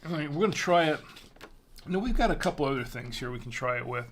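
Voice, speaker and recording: A man's voice: fairly high pitch, expressive, fast talker, a little hiss or hum. A man hosting a wine tasting livestream, chatting casually and rambling with lots of fillers. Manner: rambling, chatty, self-deprecating with frequent fillers. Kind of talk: casual live-stream chat.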